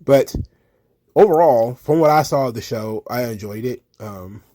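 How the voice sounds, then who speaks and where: A man's voice: medium pitch, animated, normal speed, warm tone, dry recording. A man hosting a casual wrestling commentary show, blunt and profane, rambling with lots of fillers.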